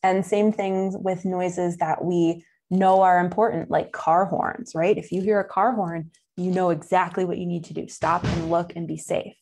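A woman's voice: fairly low pitch, flat delivery, moderate pace, hardly any pauses, a little mellow. Enthusiastic woman with a Buffalo accent. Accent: Buffalo, New York. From Buffalo, New York. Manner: enthusiastic, chatty, with fillers and laughs. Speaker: nature educator. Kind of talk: online nature lesson for kids.

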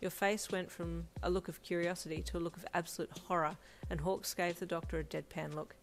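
A woman narrating a second-person fan-fiction story in a steady, plain reading voice. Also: on the low side, a little fast, soft background music.

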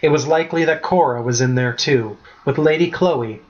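A man's voice: fairly high pitch, normal speed. Man narrating a story on dull lo-fi audio. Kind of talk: first-person storybook narration.

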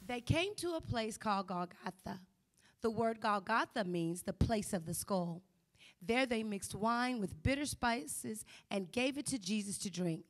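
A woman reading a scripture passage aloud in a steady, careful way, with small slips. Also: fairly high pitch, unhurried. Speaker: scripture reader.

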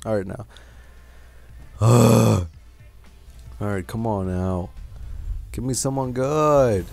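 Male gaming host, casual and exasperated, swears freely, talks slowly. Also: lowish voice, gravelly, a little mellow, faint music behind. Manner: frustrated, swearing, grumbling at bad luck. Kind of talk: casual game commentary.

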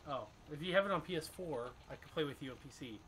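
An excitable young man chats casually while playing a video game with a buddy. His voice sits a little high and he bursts out cursing when things go wrong. A steady noisy hiss runs under the recording. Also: fast. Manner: excitable, swears loudly at the game. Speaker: let's play host. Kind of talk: casual gaming chat.

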